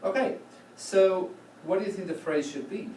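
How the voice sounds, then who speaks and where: A man teaching choral conducting in a classroom, coaching students with a steady run of questions. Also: high-pitched, normal speed. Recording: roomy, distant, noisy classroom recording.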